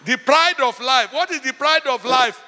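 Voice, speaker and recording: A man's voice: very high-pitched, moderate pace, sharp tone, long reverb tail. A middle-aged man with a Nigerian accent, a pastor preaching a sermon and telling stories, often saying "Praise God.".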